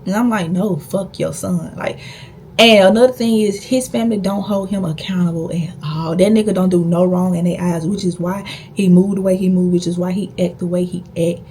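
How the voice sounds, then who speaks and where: A woman's voice: lowish voice, steady tone, fairly quick, dark tone, slight background noise. A young woman vlogger telling a personal story in a blunt, profane, emphatic way. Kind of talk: casual storytime.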